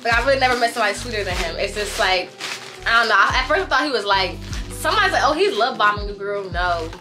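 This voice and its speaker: Host, woman, 22, casual diary vlogger, animated and slangy, slightly high voice over background music. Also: rapid-fire. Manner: chatty, slangy, animated storytelling.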